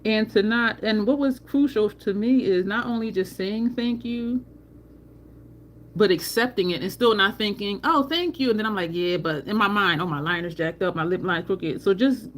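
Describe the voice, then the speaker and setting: A woman's voice: mid-range voice, normal speed, slight background noise. A middle-aged woman from New Jersey with a New Jersey accent, hosting a makeup livestream in a blunt, candid and profane casual chat. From New Jersey, USA. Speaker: makeup channel host.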